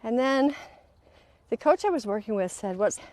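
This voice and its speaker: A woman's voice: a little high, moderate pace. A woman host and coach speaking in a walk-and-talk monologue, telling stories and acting out the people she quotes. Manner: animated storytelling, acting out quoted voices.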